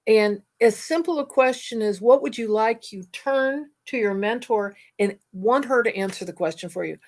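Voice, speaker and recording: A woman with a fairly high voice tells a story in a blunt, animated way. She sounds exasperated as she hosts a casual talk. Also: moderate pace. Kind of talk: casual conversation.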